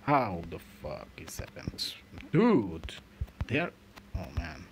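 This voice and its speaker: Grumbling low-voiced man with noisy audio. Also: big pitch swings, slow pace, fairly bright tone. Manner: swears often, grumbles, outbursts. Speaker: gaming channel host. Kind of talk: frustrated gameplay commentary.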